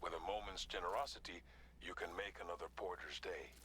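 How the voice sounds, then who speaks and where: An actor voicing a calm adult male guide in a game, giving a porter measured instructions. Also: low voice, slight background noise. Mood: instructive. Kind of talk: scripted game dialogue. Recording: game audio under music. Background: music.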